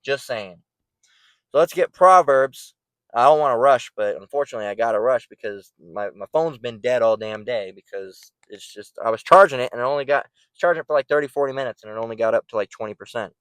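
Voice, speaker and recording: A man's voice: mid-range voice, a little fast, clean tone, no room sound. A man giving an informal, blunt preaching rant, profane and repeating words as he gets worked up. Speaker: online preacher.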